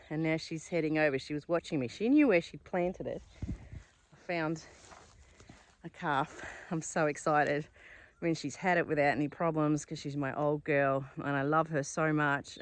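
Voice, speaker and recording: Chatty woman walking a paddock. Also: low-pitched. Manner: chatty and rambling, thinking aloud while walking. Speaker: flower farmer. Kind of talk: casual vlog narration. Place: outdoors in a hilly paddock.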